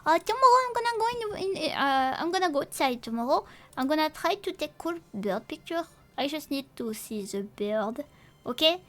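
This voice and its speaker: A young woman who speaks natively, chatting casually on a live stream in a rambling, halting way with many restarts and playful swearing. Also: sits high, lively intonation, sharp tone. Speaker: VTuber streamer.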